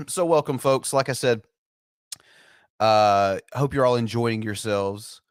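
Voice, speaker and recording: A man's voice: mid-range voice, takes it slowly, clear, resonant tone, dry recording, clean studio sound. A man hosting a livestream in casual chat, stammering and repeating words as he chuckles. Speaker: livestream host.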